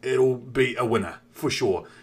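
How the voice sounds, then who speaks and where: A man's voice: medium pitch, a little slow, slightly rough. A man voicing a smug, blustering company boss who swears freely. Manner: blustering, swearing, self-satisfied. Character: swaggering corporate boss, smug and crude.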